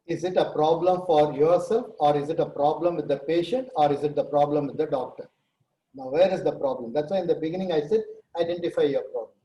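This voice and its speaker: A man, a senior nurse leader on a talk show, explaining with lively case stories and acted-out quotes. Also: fairly high pitch, fairly quick, echoey room, a little hiss or hum, poor audio. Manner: animated storyteller, acts out quoted dialogue. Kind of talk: conversational talk-show answers with examples.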